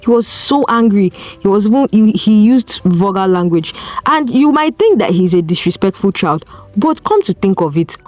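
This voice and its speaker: Recorded with no room sound, a woman with a Nigerian accent and a medium-pitched, darkish voice gives solo advice as a podcast host. She preaches earnestly, piling on rhetorical questions.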